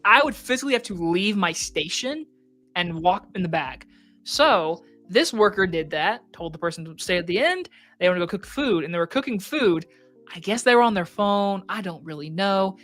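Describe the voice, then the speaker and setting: Casual storyteller, medium pitch, salty language, faint music bed. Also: moderate pace. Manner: animated storyteller, swears freely, acts out quotes.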